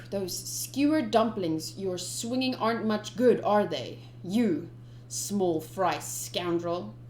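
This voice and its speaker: A woman voicing a cold, ruthless male pirate commander, speaking in a measured, menacing way. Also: medium pitch, a little mellow, reverberant, slight background noise, close to an everyday voice.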